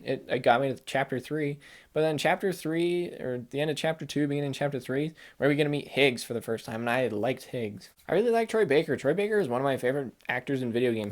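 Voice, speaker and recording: A man's voice: medium pitch, a little mellow. A young adult man in a casual chat, rambling with enthusiasm and acting out quoted lines in put-on voices. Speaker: game reviewer.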